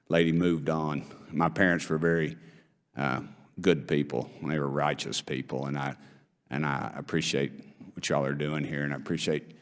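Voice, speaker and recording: A middle-aged man with an East Tennessee Southern accent, speaking as a congressman at a hearing in a folksy, rambling, heartfelt way. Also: very deep voice. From Knoxville, Tennessee. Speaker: congressman questioning witnesses. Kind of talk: hearing testimony, folksy storytelling. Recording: long reverb of a hearing room.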